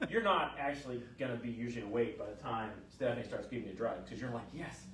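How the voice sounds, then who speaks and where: A man's voice: medium pitch, quick pace, noisy background. Chatty fertility doctor in his fifties. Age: 50s. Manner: chatty, animated storyteller with many fillers. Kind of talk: casual chat. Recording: echoey room, mic at a distance.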